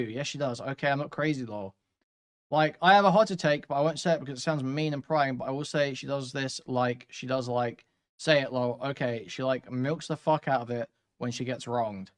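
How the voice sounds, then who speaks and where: A man hosting a reaction commentary, talking loudly, swearing and reacting with animated outbursts while reading from posts. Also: a little high. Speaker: commentary host. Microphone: studio mic with sound deadening.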